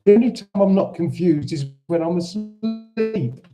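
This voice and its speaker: A man's voice: high voice, lively intonation, measured pace, over music, poor audio. A man with a Cockney accent chatting casually on a livestream, teasing viewers and confessing he gets confused. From London. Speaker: livestream host. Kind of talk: casual live chat reading viewer comments.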